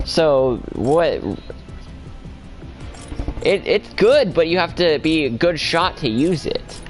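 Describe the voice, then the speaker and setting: A man's voice: on the high side, animated, slow pace, soft background music, poor audio. Rambling young-sounding man chatting while gaming. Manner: rambling, self-correcting, laughs often. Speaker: gamer chatting with a friend. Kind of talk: casual chat while gaming.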